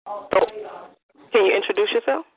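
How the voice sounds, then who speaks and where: Joking host on a tinny phone line. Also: male voice, high voice, normal speed. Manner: laid-back, joking, talks over callers. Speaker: radio show host. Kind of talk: casual call-in radio chat.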